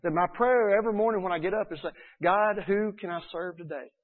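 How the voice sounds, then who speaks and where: An earnest man preaches a sermon, his voice sitting a little high. He is animated and acts out the people he quotes. The sound is thin and tinny, as if heard down a phone line. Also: fast talker. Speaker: pastor.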